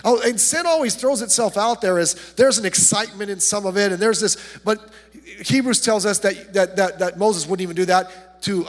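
A man preaching a sermon as pastor, passionate and dynamic, dropping from loud emphasis to near-hushed asides, often repeating words as he goes. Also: sits high, slightly rough, big-room sound. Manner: impassioned preaching, swings from loud to hushed, frequent repetitions.

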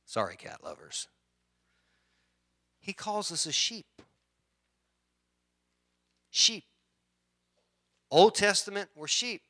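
A middle-aged man preaching as a pastor, conversational and halting, often clearing his throat and restarting sentences. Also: high-pitched, wildly swooping pitch, pushed and bright. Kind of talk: sermon.

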